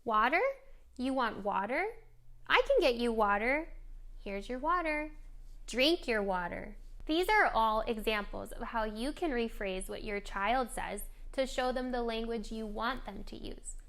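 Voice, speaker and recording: A woman presenting a scripted lesson for parents on modeling language for young children, coaching in a clear, gentle way. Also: on the high side, lively intonation, measured pace. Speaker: speech therapy presenter. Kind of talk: scripted instructional narration.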